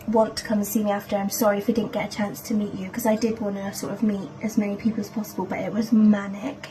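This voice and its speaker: A woman's voice: mid-range voice, dark tone, slight background noise, low-quality recording. A woman in her thirties recapping an event in a vlog, emotional and gushing, rambling with restarts. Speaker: vlogger.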